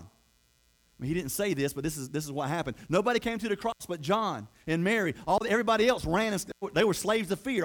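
A man's voice: sits high, lively intonation, fairly quick. A male preacher delivering a sermon in a rambling, repetitive way, with many restarts.

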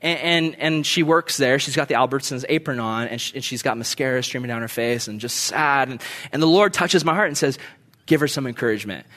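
A young man preaching a sermon, telling stories from his own life and acting out his frustrated outbursts in a high, strained voice. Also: a little fast, fairly bright tone.

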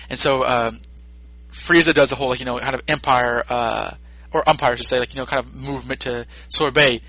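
Man, podcast co-host, casual recap, animated, laughing, bright voice, dry close sound. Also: medium pitch, fairly quick, dry recording. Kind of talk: casual chat, film recap.

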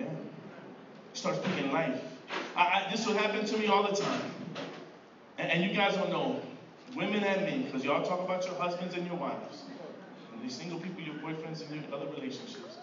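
A man's voice: sits high, lo-fi sound. A middle-aged man preaching a sermon to his church in a conversational way, often repeating words and asking "right?". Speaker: pastor. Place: church sanctuary. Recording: distant echoey room mic with background noise.

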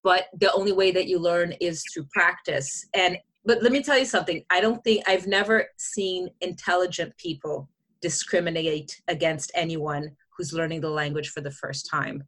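A woman's voice: lowish voice, moderate pace, few pauses, fairly bright tone. A woman hosting a casual interview, talking directly and guiding the questions. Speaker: podcast host.

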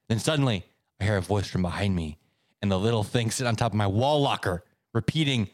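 A man co-hosting a podcast, telling stories in a casual, animated way. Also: fairly quick, dry recording, clean studio sound. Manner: animated storyteller, swoops up in pitch for effect. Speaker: podcast co-host. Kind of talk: casual chat, reading stories aloud.

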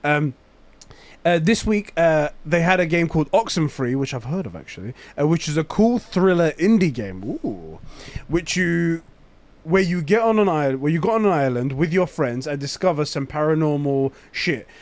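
A man with a London accent co-hosting a casual gaming chat, rambling with lots of fillers and quick to laugh. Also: fairly high pitch, animated. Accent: London English. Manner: rambling, full of fillers, breaks into loud laughter. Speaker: podcast co-host.

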